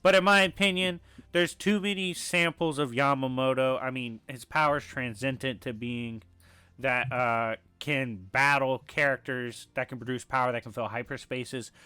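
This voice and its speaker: A man with a bright, crisp voice lays out a scripted argument in a brisk, matter-of-fact way, dropping filler ums. His voice is a little raspy today. The recording is dry and close. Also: mid-range voice, fairly even intonation, no room sound. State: slightly raspy voice. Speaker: video essay narrator.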